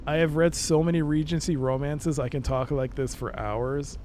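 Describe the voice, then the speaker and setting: An American man chatting his way through a game on a live stream, rambling and joking at his own expense. His voice sits a little high for a man, with a faint hiss of noise behind it. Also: fairly even intonation, moderate pace, darkish tone. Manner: rambling, jokey, self-mocking, laughs often. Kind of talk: casual live-stream commentary.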